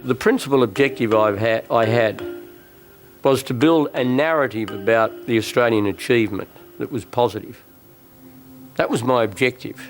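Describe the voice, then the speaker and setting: An older man speaks in a documentary interview, measured and insistent. His voice sits at a middle pitch. Soft music plays beneath him. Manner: measured, insistent, repeats words. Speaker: former national leader interviewed.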